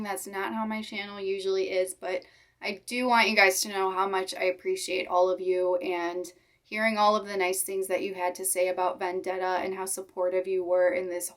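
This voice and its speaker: A young woman talks straight to her followers in a heartfelt vlog. Her voice sits at an ordinary mid pitch, and she speaks in halting, sincere phrases while holding back tears. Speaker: reptile keeper vlogger. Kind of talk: emotional personal vlog talk.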